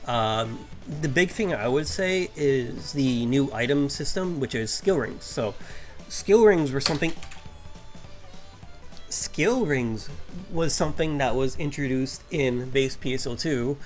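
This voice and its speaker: A man's voice: medium pitch, animated, a little slow. Man, tired rambling commentary, lots of ums, faint music underneath. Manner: tired, yawning, many fillers and restarts. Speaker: vtuber commentator.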